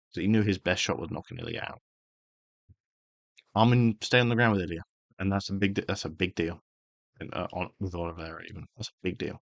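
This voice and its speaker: A fired-up man rants straight into a close mic, swearing often and pressing every point hard. His voice sits fairly low, and the sound is dry with no room echo. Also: gravelly. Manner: heated, sweary, emphatic. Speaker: karate channel host. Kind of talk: angry opinion rant.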